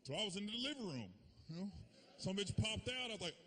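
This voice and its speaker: A man telling profane, animated stories in a stand-up comedy set. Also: high-pitched, fast, a little hiss or hum.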